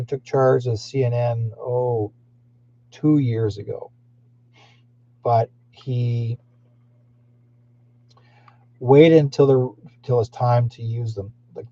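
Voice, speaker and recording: A man's voice: mid-range voice, dark tone. A man hosting a psychic live stream, talking in a meandering way with frequent fillers and restarts. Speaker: psychic livestream host. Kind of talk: rambling live-stream talk. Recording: dull lo-fi stream audio.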